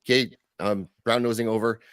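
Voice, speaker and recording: A man with a lowish voice co-hosts a loose chat. He rambles in a friendly way and restarts his sentences often. The recording is dry and close. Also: steady tone, brisk, a bit bright, clear, resonant tone, no room sound. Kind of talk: casual chat.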